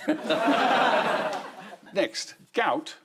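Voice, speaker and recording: A man guest-hosting a comedy news quiz in a TV studio, reading questions with dry, deadpan punchlines. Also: extremely high pitch, drawn-out words, heavy background noise. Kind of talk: scripted panel-show hosting. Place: TV studio with live audience.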